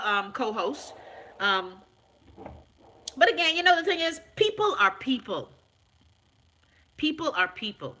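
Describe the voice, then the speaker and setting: Animated Bahamian woman host. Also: on the high side. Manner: loud, animated, talks back to viewer comments; frank, swears freely. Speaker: live-stream host. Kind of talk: casual live-stream chat.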